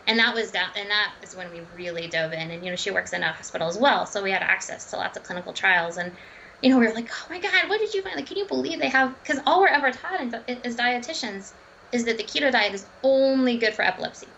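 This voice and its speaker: A woman with a gravelly, bright edge to her voice tells her story in a casual interview. She is animated and slips into the voices of the people she quotes. The sound is dull and lo-fi, with faint noise underneath. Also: mid-range voice. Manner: animated, acts out quoted dialogue. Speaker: dietitian and runner.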